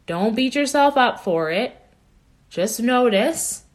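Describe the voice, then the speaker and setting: A woman's voice: on the high side, lively intonation, slow pace. A woman life coach giving an earnest, encouraging motivational talk, often checking in with "right?".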